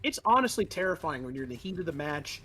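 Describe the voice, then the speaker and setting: Man, esports commentator, lively swooping voice, jokey, faint music behind. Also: fairly high pitch, fast talker. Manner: excitable, jokey, trash-talking asides. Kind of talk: live fighting game commentary.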